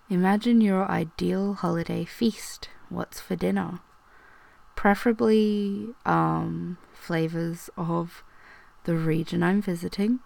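A young woman who is sick and hoarse. She answers questions in a soft-spoken, rambling chat, drops into whispers at times, and hesitates often with ums. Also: on the low side. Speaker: video host.

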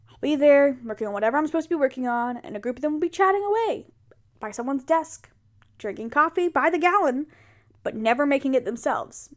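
A young woman talks straight to her partner in a casual role-play monologue, fairly high in pitch. She sounds chatty and animated as she vents about her day. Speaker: audio role-play performer.

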